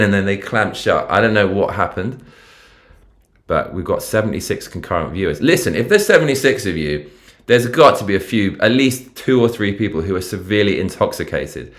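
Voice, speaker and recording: Deep-voiced man rambling on a live stream. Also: a little fast. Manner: rambling, animated, swears casually. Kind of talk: casual live-stream chat. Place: his mother's house.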